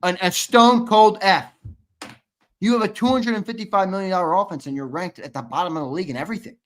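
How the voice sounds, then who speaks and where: A man's voice: high-pitched, fast, a bit bright. A young man co-hosting a sports talk show, arguing his points with restarts and emphatic punchlines. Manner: argumentative, restarts often, builds to emphatic punchlines. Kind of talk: casual sports debate.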